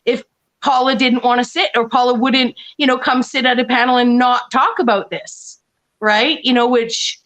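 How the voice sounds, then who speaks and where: A woman's voice: a little high, steady tone, normal speed, fairly bright tone. A woman talking casually on an online panel, rambling with many restarts and frequent laughs. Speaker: panel guest.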